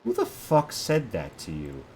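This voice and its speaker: A man's voice: deep voice, very animated, measured pace, a little mellow, breathy edge, voice pushed down, exaggerated voice. A man voicing a tough, foul-mouthed female pilot who talks bluntly. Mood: hostile. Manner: blunt, swearing.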